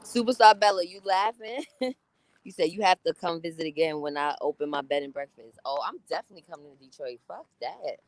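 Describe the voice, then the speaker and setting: A woman's voice: on the low side, brisk, dry recording, low-quality recording. Profane chatty New woman streamer. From New York. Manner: blunt and profane, chatty, laughs often. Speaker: live-stream host. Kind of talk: casual live-stream chat reading viewer comments.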